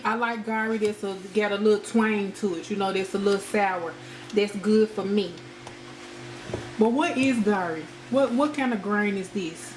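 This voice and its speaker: A woman, a home cooking vlogger, chatting casually to viewers as she shows a dish step by step in her kitchen. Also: medium pitch. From United States. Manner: chatty, addresses viewers as y'all. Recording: echoey kitchen with cooking noise.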